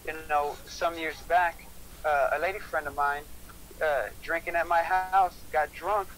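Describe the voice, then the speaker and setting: A man's voice: a little high, fairly even intonation, a bit bright, slight background noise, low-quality recording. A man telling a heated story on a casual livestream chat, swearing often and repeating himself. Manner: profane, heated, fast-talking.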